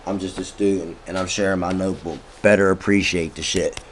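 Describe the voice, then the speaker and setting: A man with a lowish voice gives a casual motivational rant to his viewers. He talks in loose, profane slang and stretches certain words out slowly for weight. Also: fairly even intonation, a little hiss or hum. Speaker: motivational vlogger.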